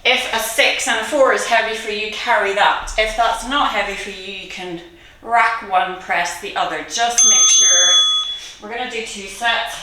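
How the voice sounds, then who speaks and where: Here a woman instructs a guided workout, calling out rep counts with warm encouragement and plenty of laughter. Her voice is mid-range at a normal speed, with background noise present. The mic sits far off in a very reverberant room.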